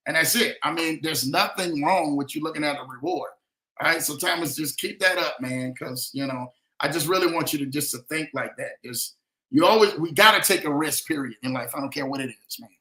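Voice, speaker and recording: Brief: slangy livestream host, a man, high bright voice, echoey room. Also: brisk. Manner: animated, slangy, speaks of himself in third person. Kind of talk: casual livestream chat reading comments.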